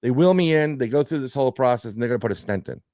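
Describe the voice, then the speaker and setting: A middle-aged man telling a story in casual podcast chat, animated and joking, with some swearing. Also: mid-range voice, very fast, no echo, studio quality. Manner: animated storyteller, swearing, laughing through jokes. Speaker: podcast guest.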